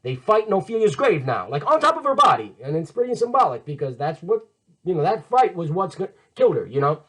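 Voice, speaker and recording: A man's voice: high-pitched, brisk. A man teaching literature in a casual lecture, retelling a play in modern slang. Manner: chatty, paraphrases quotes in modern slang, lively and animated.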